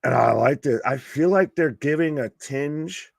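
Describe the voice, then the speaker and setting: A man hosting a live watch-along, giving casual wrestling commentary and getting loud and excited at surprises. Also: fairly high pitch, a little slow, vocal fry, dry recording. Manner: excitable, swears, pops loudly at surprises. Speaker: alternative commentary host.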